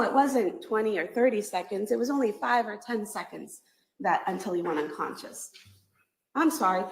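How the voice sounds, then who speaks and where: A woman prosecutor giving a closing argument in a courtroom, measured and emphatic, building her points through repeated phrases. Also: fairly high pitch, creaky, a little mellow. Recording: echoey courtroom audio.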